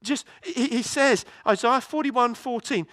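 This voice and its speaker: High-voiced man preaching a lively sermon. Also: measured pace, dry recording. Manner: lively, storytelling, many restarts and repeated words. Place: church.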